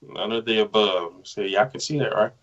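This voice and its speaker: A man as a guest on a call, relaxed and giving short replies. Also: on the low side, normal speed, lo-fi sound. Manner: laid-back, short replies. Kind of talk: casual video call chat.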